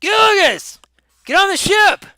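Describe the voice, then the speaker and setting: Man voicing a shrill ship captain, bossy, scolding, very high pitch, loud. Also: lively intonation, unhurried, dry recording, studio quality, exaggerated voice. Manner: shouty, scolding.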